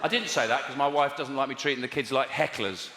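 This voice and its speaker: A man's voice: medium pitch, fast. A man doing stand-up comedy, telling wry stories in a conversational way. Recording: echoey theatre with loud noise.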